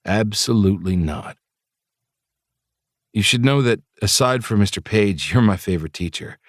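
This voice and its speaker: An earnest, modest young man of eighteen, grateful and a little shy, as a male narrator plays him. He speaks in a low voice, close and dry, as in a storybook reading. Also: moderate pace, no room sound, lightly acted.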